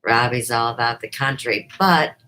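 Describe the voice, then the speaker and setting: A woman's voice: rumbling low, moderate pace, pushed and bright, low-quality recording. A middle-aged woman hosting her own livestream show, talking off the cuff in an unrehearsed, rambling way that jumps from topic to topic. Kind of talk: unrehearsed casual livestream chat.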